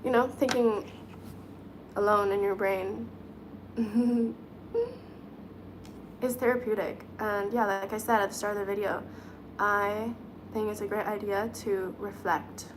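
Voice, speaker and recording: A woman hosting a casual live stream, chatting and giggling while she does her nails and thinks out loud. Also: mid-range voice, steady tone, unhurried, pauses often, background noise. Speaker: livestream host reading chat.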